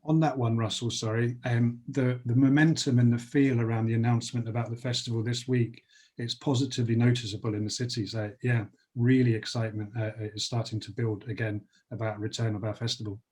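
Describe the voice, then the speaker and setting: Upbeat husky man with a London accent. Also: medium pitch, flat delivery, fairly quick, darkish tone. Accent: London English. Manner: chatty, upbeat, with frequent fillers and restarts. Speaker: panelist. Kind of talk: panel introduction on a video call.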